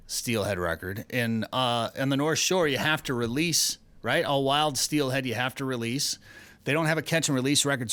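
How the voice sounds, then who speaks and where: Bright-voiced male radio show host. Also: medium pitch, no room sound. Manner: chatty, loose storytelling with restarts. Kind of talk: casual radio banter and trivia.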